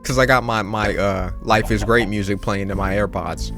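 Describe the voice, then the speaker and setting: A young man telling a story in casual slang while playing a game, animated and swearing freely. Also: on the low side, normal speed. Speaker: gaming youtuber. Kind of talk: casual storytelling over gameplay. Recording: game music in background.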